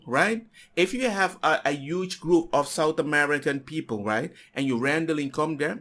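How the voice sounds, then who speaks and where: A man's voice: on the high side, a bit bright. A man from the Dutch Caribbean, whose first language is Papiamento, giving a rambling, opinionated reaction commentary. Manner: rambling, opinionated, voice jumps up when making a point. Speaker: streamer reacting to a clip.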